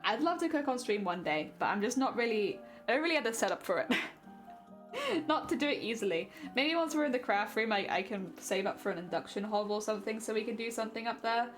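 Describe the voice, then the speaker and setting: A woman's voice: fairly high pitch, lively intonation, a little fast, faint music behind. A young woman streaming, chatting playfully with her viewers while she crafts, often giggling.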